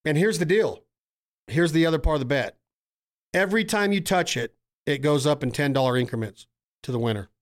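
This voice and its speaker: A brash man hosts a podcast in loose, joking banter. His voice sits a little high for a man, and he swears freely as he needles his co-host. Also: animated, fairly quick, long pauses. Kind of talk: casual banter.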